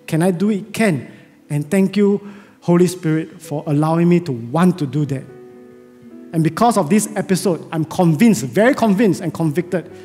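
High-voiced pastor preaching. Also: male voice. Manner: earnest, emphatic rhetorical questions. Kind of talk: sermon. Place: church sanctuary. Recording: echoey church hall with soft music.

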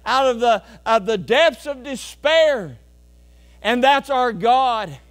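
A pastor preaching a folksy, animated sermon, asking the congregation questions and telling homey stories. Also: male voice, very high-pitched, a little slow, clean tone. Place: church sanctuary.

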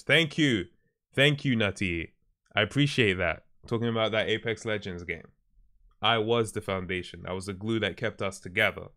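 A man's voice: lowish voice, fairly bright tone, smooth. A man livestreaming who chats casually with his viewers, laid-back and often chuckling as he reacts to their posts. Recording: stream with faint background music.

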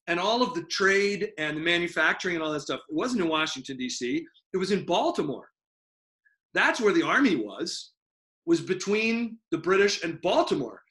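High, bright-voiced joking male teacher. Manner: animated, joking, rambling. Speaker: history teacher. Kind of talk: online class lecture. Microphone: video call.

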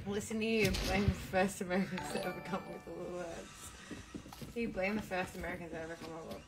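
A woman's voice: lowish voice, steady tone, fairly quick, loud music behind the voice. A young woman streaming a game, chatting casually, reading out viewer comments and swearing freely. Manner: chatty, swears freely, jumps between topics. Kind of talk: casual chat while gaming and reading out comments.

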